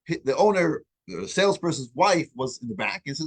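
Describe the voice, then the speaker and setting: A man teaching a weekly religious class, asking the group questions and telling stories in an animated way, often restarting his words. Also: a little high, fairly quick, few pauses, slightly rough, rough recording. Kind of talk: lesson with storytelling.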